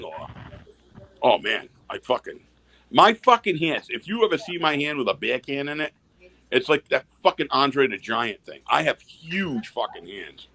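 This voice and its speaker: A man's voice: mid-range voice, vocal fry, pushed and bright. A man telling rambling, profane stories in a casual backstage chat.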